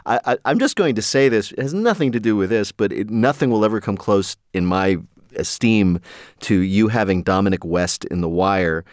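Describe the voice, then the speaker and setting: A man hosting an interview podcast, guiding the talk with quick joking asides. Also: on the low side, expressive, dry recording, clean studio sound. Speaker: podcast host. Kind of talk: interview conversation.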